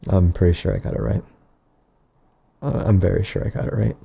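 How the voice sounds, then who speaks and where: A man delivering an improvised, absurd comedy monologue in a rambling, deadpan way, often trailing off and restarting. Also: sits low, brisk, gravelly, breathy edge.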